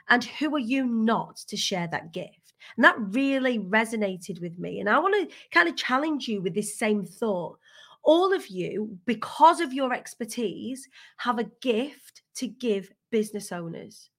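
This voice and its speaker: A woman, a guest speaker giving a candid, energetic motivational talk over a video call, swearing casually. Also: medium pitch.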